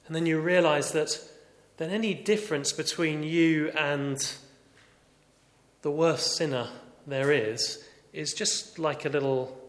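An earnest preacher delivers his sermon, his fairly high voice climbing for emphasis and then sinking to a hush. The sound is roomy, with a long reverb carried through a large church hall. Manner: earnest, shifting between raised emphasis and quiet reflection.

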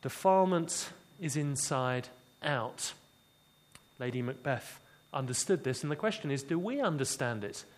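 A man preaching a sermon, expressive and dramatic, dropping low and quiet for emphasis. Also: a little slow.

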